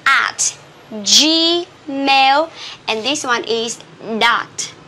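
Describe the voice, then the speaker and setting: Slow, bright-voiced woman teaching English. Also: sits high, slight background noise. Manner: slow, spelling out letters one by one. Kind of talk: classroom lesson. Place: classroom with a board.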